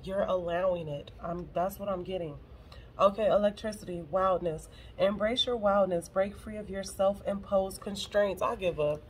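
A woman's voice: mid-range voice, steady tone, moderate pace, a little hiss or hum, rough recording. Teary, profane woman reading tarot. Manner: blunt and profane, emotional, swears freely. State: on the verge of tears. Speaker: tarot reader. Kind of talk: casual tarot reading to camera.

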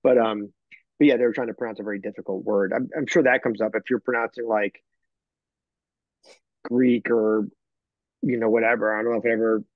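A man's voice: on the low side, steady tone, a little fast, long pauses, no room sound. Rambling man on a dull lo-fi call. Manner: rambling, self-correcting. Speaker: author guest. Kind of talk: casual chat. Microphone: video call.

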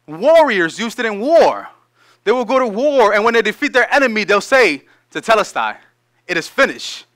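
Bright-voiced preacher man, high and lively. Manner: reads scripture slowly then explains in lively casual asides. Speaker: pastor. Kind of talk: sermon.

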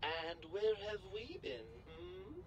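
A man's voice: high-pitched, expressive, slow pace, muffled recording, a crowd in the background. A man voicing a pompous, sarcastic disembodied brain in a jar that talks down to its owner in a video game. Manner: sarcastic, fussy and condescending.

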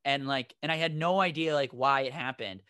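A man's voice: mid-range voice, fairly quick, pushed and bright, smooth, no room sound, studio quality. A man co-hosting a comedy podcast, telling a rambling anecdote and laughing as he goes. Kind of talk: casual storytelling.

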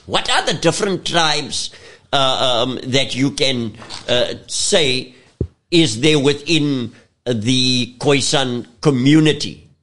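A man's voice: mid-range voice, lively intonation, a bit bright. A man hosting a community radio interview, hesitant with many repeated words and frequent affirmations. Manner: halting, repeats words and fillers, affirms often. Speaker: radio talk show host.

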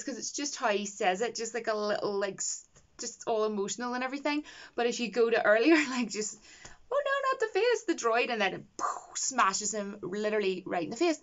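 A woman's voice: medium pitch, fairly bright tone, dull audio. A young woman, reviewing a TV episode in a casual, enthusiastic and rambling way. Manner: enthusiastic, rambling, gushing with praise.

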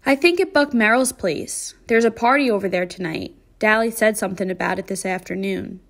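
A woman's voice: mid-range voice, a little fast, creaky. Lady reading a jumpy teen boy on the run, urgent and tense. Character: nervous teenage boy on the run.

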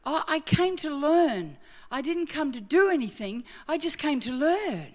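High-voiced Australian woman preaching. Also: measured pace. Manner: animated storytelling, acts out her own quoted lines. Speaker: guest preacher. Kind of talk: storytelling sermon.

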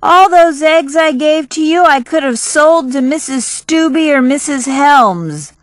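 A woman's voice: high voice, takes it slowly, dry recording, studio quality, pitched above the performer's own voice. A woman voicing an indignant young girl.

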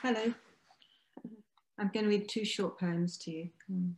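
A woman reading her own short poems aloud in a quiet, measured way over a video call. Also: medium pitch, steady tone, roomy sound. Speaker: anthology contributor. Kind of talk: poetry reading.

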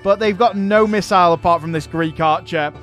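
A man hosting a gaming channel, giving chatty commentary on a strategy game, excitable and swearing freely when he rants. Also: sits high, a little fast, soft background music.

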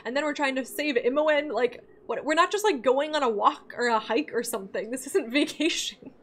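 A woman's voice: high voice, moderate pace, fairly bright tone. A young woman streaming a game, chatting in a bubbly, giggly way and greeting her chat by name. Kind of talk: casual livestream chat.

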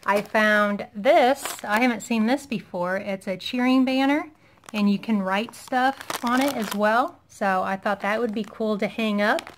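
A woman in her thirties talks through her shopping haul in a casual vlog, gushing over each find. Her voice sits a bit high, she takes her time, and it sounds a little worn, as if she is losing her voice. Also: measured pace, a little hiss or hum. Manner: chatty and enthusiastic, gushing over finds. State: losing her voice, clearing throat. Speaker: vlogger showing a shopping haul.

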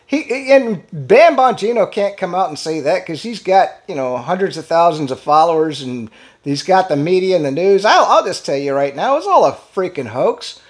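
A man's voice: high voice, sing-song, moderate pace. A middle-aged man giving rambling solo political commentary, blunt and indignant, restarting sentences and swearing casually. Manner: rambling, repeats words, frequent fillers and restarts. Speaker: political commentary channel host.

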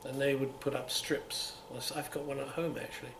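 Gravelly older Londoner reminiscing. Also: male voice, mid-range voice, fairly even intonation, brisk. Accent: London, between upper-class and Cockney. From England. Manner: rambling, with many restarts and repeats. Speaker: oral history interviewee. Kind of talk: unscripted reminiscing. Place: museum room. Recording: roomy with faint hiss.

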